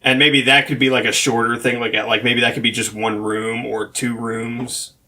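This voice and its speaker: A man's voice: medium pitch, flat delivery, normal speed, pushed and bright. A man co-hosting a podcast in casual chat, rambling and hedging as he thinks aloud, with many restarts. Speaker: podcast co-host.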